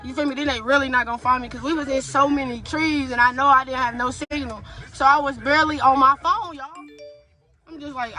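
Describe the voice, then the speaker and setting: A young adult woman from Indianapolis, USA, appears as an interview guest recounting a kidnapping, telling it casually and profanely with lots of quoted dialogue. Her high voice is bright and forceful, fairly quick with fairly even intonation, over soft background music.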